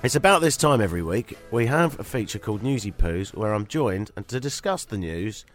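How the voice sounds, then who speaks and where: British man with a cold, lively banter. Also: fairly low pitch, a little fast, faint music behind. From Britain. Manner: chatty, self-mocking banter. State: has a cold, sniffly. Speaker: radio show host. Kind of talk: radio talk show chat.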